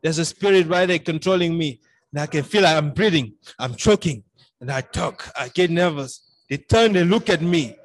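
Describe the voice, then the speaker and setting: High-voiced Cameroonian man telling a dramatic story. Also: normal speed. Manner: dramatic storyteller, acts out his own past dialogue. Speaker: podcast guest. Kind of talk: storytelling in casual conversation.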